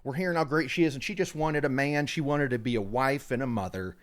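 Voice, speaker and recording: A man co-hosting a podcast in casual chat, retelling events with sarcastic, animated commentary. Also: medium pitch, fast talker. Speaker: podcast co-host.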